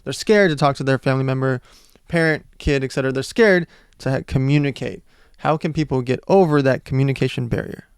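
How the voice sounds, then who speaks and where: A man's voice: mid-range voice, brisk, smooth, no echo, clean studio sound. A man co-hosting a podcast, asking questions and adding brief interjections in casual conversation. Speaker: podcast co-host.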